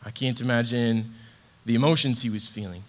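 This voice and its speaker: A man's voice: medium pitch, steady tone, a little fast. Earnest man reading and reflecting on scripture. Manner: earnest, heartfelt, repeats words as he searches for them. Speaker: church ministry associate director.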